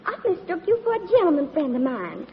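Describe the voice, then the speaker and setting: Coy southern-belle movie star. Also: female voice, sits high, quick pace, a little hiss or hum, heavily acted. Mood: syrupy. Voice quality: coy, sugary drawl with mock flattery. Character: flirtatious movie actress putting on southern belle charm. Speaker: actress character Gloria LaGrange. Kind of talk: 1940s radio acting. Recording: dull old radio recording in a hall with audience.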